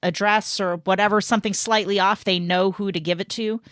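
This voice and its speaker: A middle-aged woman co-hosting a podcast, chatting casually and throwing in quick reactions and her own anecdotes. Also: medium pitch, fairly even intonation, fairly bright tone, no room sound, clean studio sound. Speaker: co-host.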